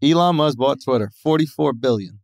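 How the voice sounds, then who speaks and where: A man's voice: medium pitch, animated, brisk, no room sound, clean studio sound. A man in his thirties co-hosting a podcast, trading brash, profane jokes in casual banter. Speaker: podcast co-host.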